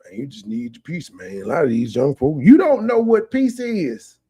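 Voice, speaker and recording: High-voiced sarcastic man heckling. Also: big pitch swings, moderate pace, dark tone, breathy edge. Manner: mimics others in a mocking voice. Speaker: commentary streamer reacting to a clip. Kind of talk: casual mocking commentary.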